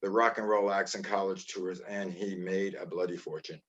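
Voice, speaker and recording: A man's voice: low voice, steady tone, normal speed, dull audio, background noise. An older man hosting an interview, sharing rambling anecdotes from his past work. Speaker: interview host. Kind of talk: casual interview chat.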